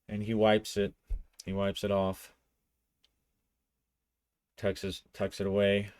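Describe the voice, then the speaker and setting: Male solo-game narrator, low and unhurried, loose storytelling with restarts. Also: darkish tone, smooth, dry recording.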